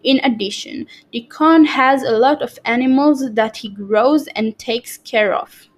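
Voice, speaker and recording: A woman reading a book report aloud slowly and carefully, with small slips and restarts. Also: fairly high pitch, low-quality recording. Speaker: student presenting a book report. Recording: clear background noise.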